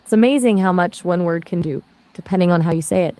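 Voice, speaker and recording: A woman's voice: on the low side, fast talker, warm tone, no room sound. A synthetic woman's voice answering questions as a conversation partner, in a breezy, chatty explaining manner.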